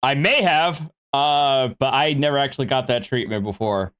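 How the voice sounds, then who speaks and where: A man's voice: mid-range voice, normal speed, a bit bright, clean tone. A man hosting a show, giving laid-back, wry commentary on video clips, with an easy flow dotted with fillers. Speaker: host.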